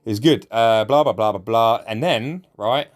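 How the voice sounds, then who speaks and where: A man's voice: on the low side, measured pace. A young man giving casual, sweary gameplay commentary and laughing often as he recounts chatting with a player. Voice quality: sweary, laughs a lot while telling it. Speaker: gaming YouTuber.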